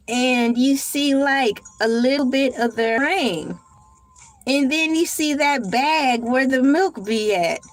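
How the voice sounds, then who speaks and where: A woman hosting a casual live stream, talking in an animated, dramatic way and breaking into shouts and laughter. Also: high-pitched. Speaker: livestream host.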